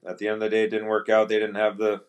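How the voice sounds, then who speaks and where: A man with a fairly low voice tells a story in a relaxed, conversational way. He slips into the voices of teammates and trainers as he recounts their lines. He restarts sentences often and leans on fillers as he recalls events. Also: racing. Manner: relaxed anecdotal, quotes teammates in dialogue. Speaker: podcast guest, pro hockey player. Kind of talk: casual storytelling.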